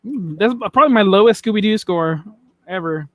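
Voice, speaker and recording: A playful, sassy man with a high voice chats about movies on a review podcast. He is recorded close and dry. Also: lively intonation, brisk, no room sound. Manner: playful, self-described sassy. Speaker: podcast co-host. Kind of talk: casual review chat.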